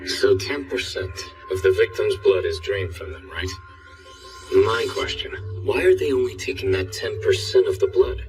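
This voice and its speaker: An actor voicing a calm, analytical male student who talks in a measured, reasoning way, in an anime dub. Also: on the low side, natural voice. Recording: distant voice with music.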